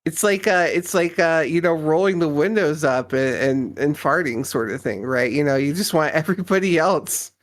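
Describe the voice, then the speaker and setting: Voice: mid-range voice, moderate pace, few pauses. A guest on a live stream, trading casual banter. Laughs often, swears freely and teases the host.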